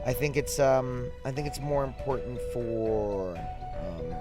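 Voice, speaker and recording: A man's voice: medium pitch, lively intonation, slow pace, music in the background. A man filling in as podcast host and producer, talking casually and sleepily, rambling with many fillers and restarts. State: tired, yawning late at night. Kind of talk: casual solo podcast talk.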